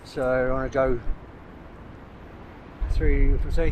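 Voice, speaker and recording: An older man of middling pitch chats away to camera while taking pictures, filling his sentences with "uh"s as he thinks aloud. He is recorded outdoors on a cliff top, with clear outdoor noise running under his voice. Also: fairly even intonation, normal speed, long pauses. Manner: rambling, thinking aloud with many "uh"s. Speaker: landscape photographer vlogger. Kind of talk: casual talk to camera while shooting. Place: outdoors on a coastal cliff at sunset.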